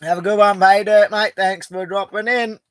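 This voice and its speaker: A man's voice: sits high, fairly even intonation, normal speed, dry recording. Laid-back, swearing Australian bushman. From Western Australia. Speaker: livestream host. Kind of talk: casual live chat reading comments. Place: outback bush camp outdoors.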